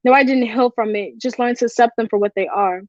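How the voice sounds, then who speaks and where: A woman's voice: a little high, brisk, no room sound. Woman reading a confessional poem, dull dry sound. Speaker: poet. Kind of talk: spoken word poetry reading.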